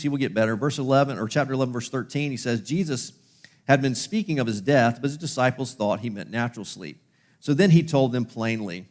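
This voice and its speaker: A man preaching a sermon, retelling a Bible story with lively asides and speaking the characters' lines in his own voice, slowing and softening on key lines. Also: mid-range voice. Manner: animated storytelling, voices the disciples and Martha in plain speech. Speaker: pastor.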